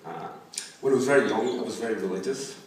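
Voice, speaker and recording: Irish man doing stand-up, echoey. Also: mid-range voice. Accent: Irish, Donegal. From Ireland. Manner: halting delivery with many fillers, shouting acted quotes. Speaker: stand-up comedian. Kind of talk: stand-up comedy set. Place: comedy club stage. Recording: echoey room, distant mic, noisy. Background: audience laughter.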